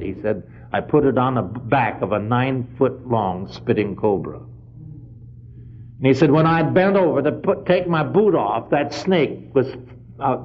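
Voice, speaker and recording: Man, preacher, storytelling sermon, middle pitch, emphatic surges, muffled lo-fi recording. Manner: retells a story with frequent "he said", surging to loud emphatic peaks.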